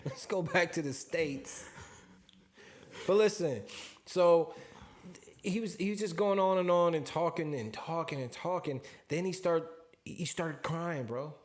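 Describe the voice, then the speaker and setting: A young man spins a story on a casual podcast, his voice sitting a little high. He is animated, laughs often, swears freely and acts out the people he quotes. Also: a little slow. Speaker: podcast co-host.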